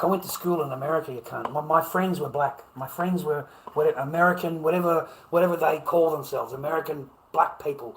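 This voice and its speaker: A man's voice: fairly high pitch, creaky, slight background noise, poor audio. An Australian man hosting a livestream, talking in a brash, profane and confrontational way as he reacts to chat comments at home. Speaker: livestream host.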